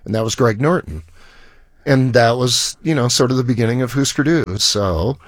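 A middle-aged man tells a long story at a studio mic, circling back and restarting his sentences as he goes. His voice sits mid-range for a man, recorded dry and close with no room around it. He sounds relaxed and conversational. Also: mid-range voice, moderate pace, no echo. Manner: rambling anecdotes with restarts and acted quotes. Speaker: musician guest. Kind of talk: casual storytelling interview.

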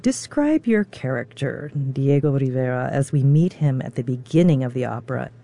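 Measured radio interviewer with a mellow tone. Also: mid-range voice, expressive. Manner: measured, scripted introductions.

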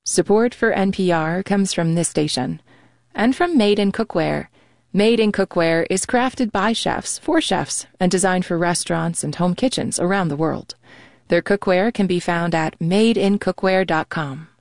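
Low, gravelly-edged woman announcer. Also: a little slow, no echo, studio quality. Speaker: radio announcer. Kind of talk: read sponsor credits.

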